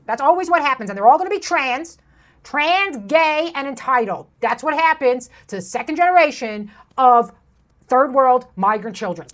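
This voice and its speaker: A woman's voice: high-pitched, animated, quick pace, fairly bright tone. A woman hosting a commentary video, ranting in an abrasive, insulting, sarcastic way from a room with a plain wall. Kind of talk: ranting commentary over clips.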